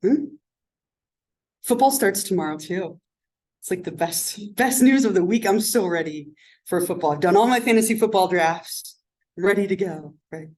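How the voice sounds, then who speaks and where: A woman's voice: mid-range voice, normal speed, poor audio. Chatty woman lecturing with a sore voice. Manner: chatty, animated, peppers talk with "like" and "right?". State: sore, strained voice. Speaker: psychology instructor. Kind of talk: classroom lecture. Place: college classroom.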